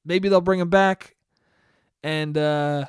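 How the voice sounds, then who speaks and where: Young male podcast host, rambling and profane, crisp voice, dry close sound. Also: a little high, steady tone, takes it slowly, no echo. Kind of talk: casual solo podcast monologue.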